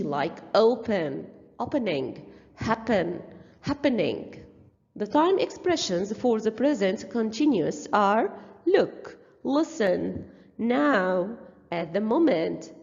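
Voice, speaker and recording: Woman, grammar teacher, slow and lively in pitch, dull lo-fi recording with long reverb. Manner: slow, deliberate, spelling out letters and listing examples. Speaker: language teacher. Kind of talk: grammar lesson narration.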